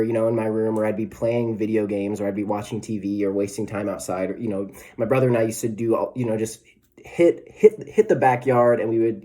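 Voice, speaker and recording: A man's voice: on the low side, mellow. A man in his twenties preaching a casual, conversational sermon as a pastor, with self-deprecating asides and frequent "right?" tags. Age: 20s.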